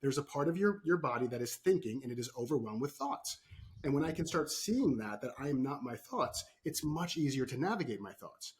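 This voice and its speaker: Brief: mid-pitched male coach, animated storyteller, podcast guest. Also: fairly quick. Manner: animated storytelling, frequent "right?" tags. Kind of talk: podcast interview.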